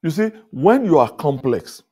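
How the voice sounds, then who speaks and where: A male pastor giving a leadership talk at a conference, telling stories with chuckles and repeated words, often rising loud for emphasis. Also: a little high, sing-song, a little slow, slightly rough. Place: conference stage before an audience.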